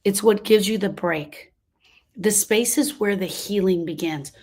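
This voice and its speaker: Her medium-pitched voice is unhurried and a little mellow. A Louisiana native in her 60s, she hosts a grief podcast and sincerely shares her story with listeners, repeating phrases to drive points home.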